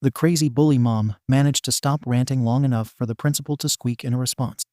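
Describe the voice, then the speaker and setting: A man narrating a fan fiction story in an even, steady storytelling manner. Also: mid-range voice, brisk, few pauses, dry recording, studio quality. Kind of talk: reading fan fiction aloud.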